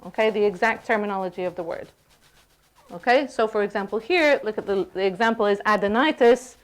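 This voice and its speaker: A woman lecturing a university class in a lively, playful way, often checking in with the students. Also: medium pitch, brisk.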